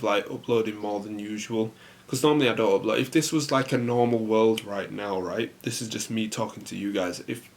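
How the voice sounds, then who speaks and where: A young man hosting a casual solo podcast, rambling in a relaxed way with lots of fillers. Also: lowish voice. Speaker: podcast host.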